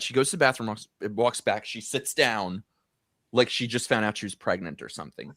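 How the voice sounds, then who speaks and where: Talking fast, a middle-aged man hosting a casual live-stream chat rolls out a long anecdote in a gossipy, storytelling manner, going high in pitch when excited. The recording is dry and of studio quality.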